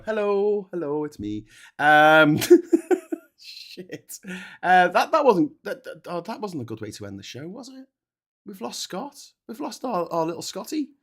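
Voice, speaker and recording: Host, fairly high voice, very lively intonation, sweary and ranting, video call. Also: male voice. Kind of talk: live-streamed casual chat.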